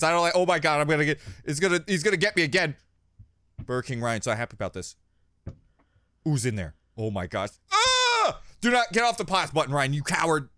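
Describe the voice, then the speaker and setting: A young man hosting a reaction video, talking casually with jokes and swearing, and yelping loudly when something startles him. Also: a little high, no echo, studio quality. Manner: jumpy, loud exclamations when startled; swears freely, jokey.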